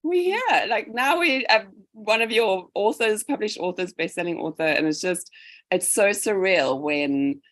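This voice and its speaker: A woman guest author chatting in an interview over a video call, excited and emotional. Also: mid-range voice, measured pace, dry recording, clean studio sound. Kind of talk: casual interview chat.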